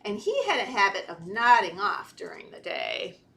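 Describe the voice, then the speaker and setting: A woman children's librarian reading a picture book aloud to toddlers, animated and playful, gasping and talking to the children. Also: mid-range voice, moderate pace, creaky. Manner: animated, talks to children, gasps and laughs. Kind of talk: storytime read-aloud. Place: library storytime video.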